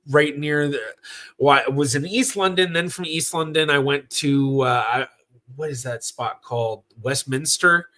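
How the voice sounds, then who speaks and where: A young man hosts a genealogy livestream in a loose, chatty way. He wanders through his thoughts with plenty of fillers and quick self-corrections, often laughing at himself. His voice is bright and forward at an average pitch. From Southern California. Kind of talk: casual livestream chat answering viewer questions.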